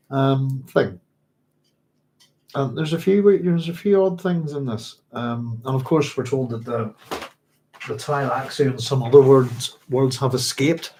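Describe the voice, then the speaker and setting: In a mid-range voice that's a little mellow, a man reads passages aloud on his book club stream. Between them he rambles in a chatty, casual way and chuckles often.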